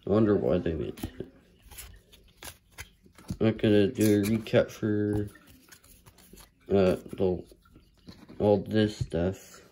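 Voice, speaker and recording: Casual male hobbyist, low and slow, mutters pack-opening commentary. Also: warm tone, slight background noise, rough recording. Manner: hopeful, muttered running commentary. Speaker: card collector opening packs.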